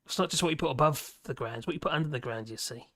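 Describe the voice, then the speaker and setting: Streamer rambling through chat comments, lots of ums and restarts, dry close mic, mid-pitched voice. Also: rapid-fire, a bit bright, no echo. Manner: rambling, chatty, full of restarts and fillers; laughs often between remarks. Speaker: livestream host. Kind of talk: casual livestream chat, reading viewer comments.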